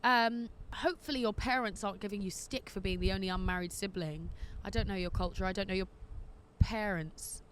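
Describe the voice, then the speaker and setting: A woman's voice: mid-range voice, fairly quick. A woman in her twenties hosting an advice podcast, reading letters aloud in a cheeky, sassy way and laughing often, recorded outdoors in the wind. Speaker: podcast host giving advice. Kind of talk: casual agony-aunt chat reading letters. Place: outdoors in windy streets.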